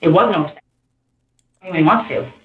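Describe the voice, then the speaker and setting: A woman in a police interview, telling her story in a rambling, animated way. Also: on the low side, moderate pace. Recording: muffled roomy interview tape.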